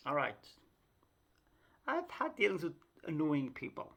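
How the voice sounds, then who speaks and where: Gravelly, chatty woman vlogger. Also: sits low, huge pitch swings, a little slow, pauses often. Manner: chatty, self-mocking, talks to the viewer. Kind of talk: casual storytelling monologue.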